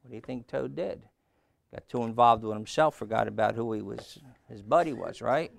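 A man's voice: medium pitch, normal speed, creaky. A man preaching a sermon in an emphatic way, often repeating his phrases.

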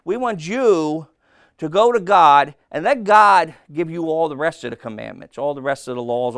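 A man preaching a sermon, telling a story with lively, playful asides and asking his listeners questions. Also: on the high side, gravelly, smooth, dry recording, studio quality. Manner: animated storytelling, acting out voices, asks the crowd questions.

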